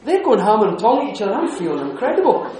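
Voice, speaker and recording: Animated high-voiced man in an echoey hall. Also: very fast, a crowd in the background. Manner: animated storyteller, laughs often, restarts. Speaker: speaker giving a talk. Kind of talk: lively anecdotal talk to an audience.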